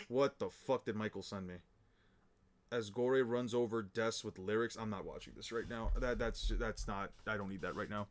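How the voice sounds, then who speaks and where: A young man reading manga aloud on a livestream and talking to his chat, rambling and swearing, stammering over repeated words and getting loud and excited when he rants. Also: lowish voice, moderate pace.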